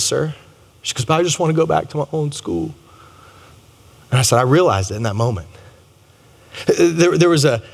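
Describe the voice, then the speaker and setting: A man, preaching a sermon in a conversational, humorous way and talking straight to the crowd. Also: medium pitch. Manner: conversational and humorous, addresses audience directly. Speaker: pastor. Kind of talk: storytelling sermon. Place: large chapel. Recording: long hall reverb.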